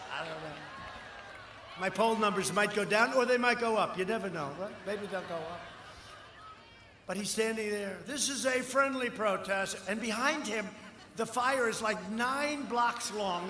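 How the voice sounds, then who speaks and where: An older man in his seventies giving a boastful, rambling campaign speech at a large outdoor rally, often shouting. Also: high voice, a little hiss or hum. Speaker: political candidate at a rally. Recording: echoey live rally sound with long reverb.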